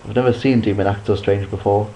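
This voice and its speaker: A man voicing a sporty, joking teenage boy, with urgent lines that rise to shouts when he is hurt. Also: on the low side, steady tone, fast, slight background noise, lightly acted, low-quality recording. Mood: uneasy.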